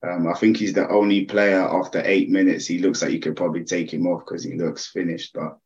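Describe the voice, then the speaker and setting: A man who is a former player, chatting casually as a podcast guest, relaxed and hesitant with many fillers. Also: low-pitched, brisk. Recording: dull lo-fi sound.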